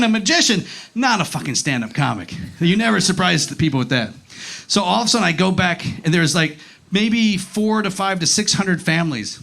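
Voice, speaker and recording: A male stand-up comic with a high, gravelly voice, performing live on a club stage into a handheld mic. He tells his story in an animated way, swears often, and slips into voices for the people in his story. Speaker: stand-up comedian. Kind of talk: stand-up set.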